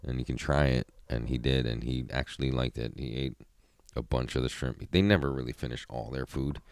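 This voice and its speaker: A man's voice: a bass voice, fairly even intonation, fairly quick, creaky, no echo, studio quality. A man hosting a solo podcast, rambling casually with constant profanity. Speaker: podcast host.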